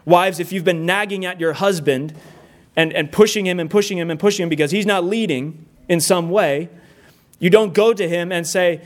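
A man's voice: high-pitched, moderate pace. A middle-aged man preaching a sermon in a church, earnest and emphatic, repeating key phrases and building lists. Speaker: pastor. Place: church room with a congregation.

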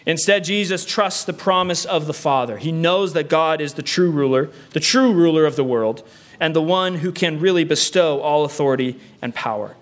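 A man's voice: a little high, moderate pace. A man preaching a sermon earnestly, using repetition and rhetorical questions. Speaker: pastor.

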